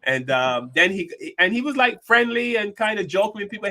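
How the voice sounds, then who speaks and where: A man with a bright, somewhat high voice co-hosts a casual talk show. He tells stories from his own life in an easy, conversational way and acts out the other people in them. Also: sing-song, a little fast. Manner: storytelling, acts out quoted people. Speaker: podcast co-host. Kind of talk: casual discussion.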